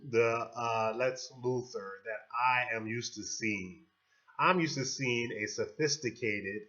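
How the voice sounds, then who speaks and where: A man talks through a film review in a loose, rambling way, stopping on fillers and restarting his sentences. His voice is bright and forward. The recording sounds dull and lo-fi. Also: medium pitch. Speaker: movie reviewer. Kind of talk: casual spoken movie review.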